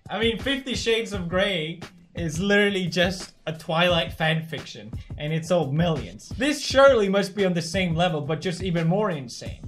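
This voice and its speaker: A man doing mocking reaction commentary on a video clip, sarcastic and excitable. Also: high-pitched, moderate pace, soft background music. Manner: sarcastic, excitable, laughs often. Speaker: YouTube commentator.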